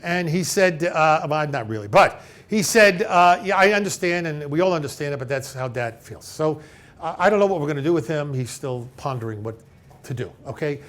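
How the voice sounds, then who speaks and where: A man's voice: a little high, normal speed. A man, an elder law attorney, giving a conversational seminar to a live audience, retelling client conversations and often checking in with "okay?". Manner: animated storyteller who acts out both sides of conversations. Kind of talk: conversational seminar talk with retold client dialogues.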